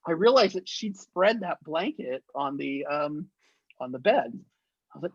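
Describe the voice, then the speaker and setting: A man guest, an actor and effects artist, telling profane stories in a casual, animated interview and laughing through them. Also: a little high, normal speed, dry recording, lo-fi sound. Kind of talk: casual anecdotal storytelling.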